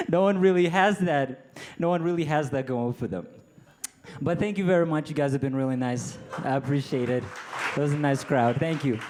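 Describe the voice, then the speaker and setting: Animated young male stand-up comic. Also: a little high, moderate pace. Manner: animated, self-mocking, many restarts. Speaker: stand-up comedian. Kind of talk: stand-up comedy set.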